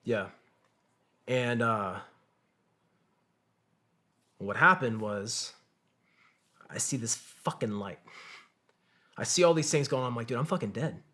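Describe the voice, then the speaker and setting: This veteran's voice is medium-pitched and sharp, and he talks slowly with long pauses. As a podcast guest telling his war story conversationally, he swears liberally and performs the lines of others in vivid, profane detail.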